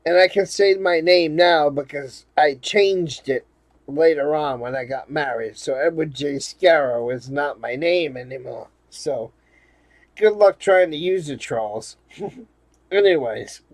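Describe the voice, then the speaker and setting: A vlogger from Rhode Island, USA, tells his viewers a rambling, profane story in a casual monologue. He speaks slowly in a slightly high voice, with no echo in the recording.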